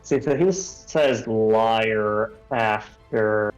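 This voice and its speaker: A man's voice: on the low side, extremely slow, lo-fi sound, faint music behind. A man playing a tabletop role-playing game, speaking in character and out with frequent hesitations. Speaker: player.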